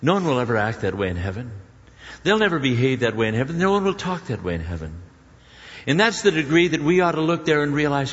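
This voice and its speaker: Animated preacher in a reverberant hall. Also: male voice, fairly high pitch, quick pace. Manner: animated storyteller, swings from loud exclamations to hushed prayerful tones. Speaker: pastor. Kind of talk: sermon with personal story. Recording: muffled sound with long hall reverb.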